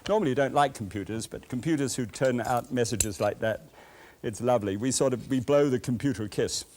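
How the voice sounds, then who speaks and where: A man's voice: medium pitch, a little fast, a little mellow. A man hosting a cooking show, chatting straight to the viewer with playful, folksy asides.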